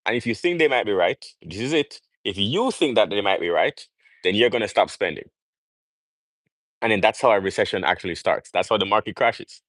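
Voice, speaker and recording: A young man from Jamaica hosts a casual livestream and holds forth in an emphatic, preachy monologue full of rhetorical questions. His voice sits on the low side. The sound is dry and close, with no room echo. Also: lively intonation, brisk, a bit bright. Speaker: livestream host.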